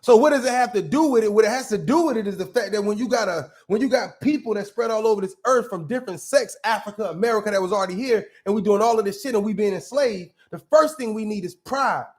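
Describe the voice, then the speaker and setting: Blunt, profane man reacting, high voice. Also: fast talker, few pauses. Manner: blunt, profane, argumentative, restarts mid-thought. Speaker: commentary show host. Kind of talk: casual reaction commentary.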